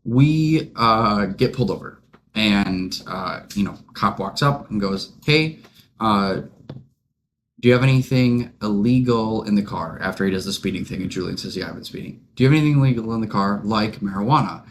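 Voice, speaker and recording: A man's voice: fairly low pitch, normal speed, a little hiss or hum. A young man co-hosting a podcast, telling a long anecdote in casual chat with lots of fillers. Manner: rambling, animated anecdote-telling with many fillers. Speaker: podcast co-host.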